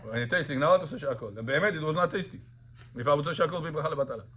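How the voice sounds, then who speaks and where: A male rabbi teaching a class on Sabbath laws to students. He quizzes them, tells lively anecdotes, and switches between languages. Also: fairly high pitch, racing, a little hiss or hum. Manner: animated storyteller, quizzes students, mixes in Russian and Hebrew.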